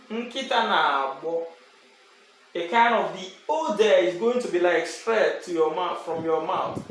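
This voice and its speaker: A man whose first language is Igbo, teaching a language lesson and slowly repeating example words. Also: sits high. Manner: slow and repetitive, drawing out example words. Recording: very echoey room with faint background noise.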